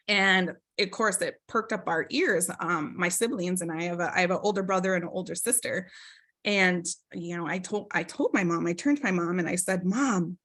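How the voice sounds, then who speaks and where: Speaking at a normal speed in a medium, slightly bright voice, a woman from Minnesota shares a personal story during a webinar. She's earnest and reflective, leaning on fillers and tag questions, heard through a video call microphone.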